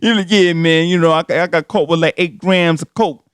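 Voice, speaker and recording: A man, co-hosting a podcast and telling a comedic story in a loud, laughing, slangy way. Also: fairly high pitch, fairly quick, clear, resonant tone, dry recording, clean studio sound. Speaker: podcast co-host.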